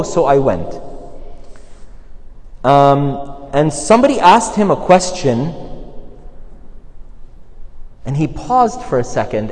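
A man, a priest, giving a relaxed, chatty sermon full of stories and asides. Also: on the high side, in a large hall. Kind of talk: conversational sermon storytelling.

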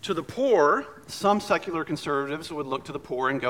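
A man's voice: a little high, brisk, hardly any pauses, fairly bright tone, slight background noise. A man preaching a sermon as pastor, telling stories in a conversational way with light humor.

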